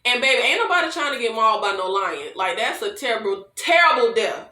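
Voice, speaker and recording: A woman recapping a film in a casual, chatty flow, talking straight to her viewers. Her voice is bright and sits a bit high. The room around her rings with echo. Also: fairly quick. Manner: animated, chatty, addresses viewers as y'all, laughs often. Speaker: movie reviewer.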